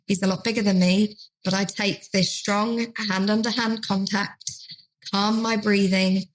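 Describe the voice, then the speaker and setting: Casting: woman, trainer type, storyteller who voices the quotes, mid-pitched. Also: little pitch movement, measured pace, low-quality recording. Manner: acts out carers' and residents' lines in quoted voices. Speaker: dementia trainer. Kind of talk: podcast conversation, storytelling.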